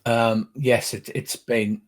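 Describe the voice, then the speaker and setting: Man, game master, patient rule explanations, measured delivery, mid pitch. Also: little pitch movement. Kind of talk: running a tabletop game over a call.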